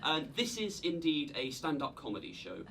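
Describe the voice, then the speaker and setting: On the high side and very animated, this man's voice is creaky and sharp, moving at normal speed over slight background noise. He's a stand-up comedian with a slight cold, telling a self-deprecating, hesitant story and projecting unmiked to a small live room full of laughing listeners.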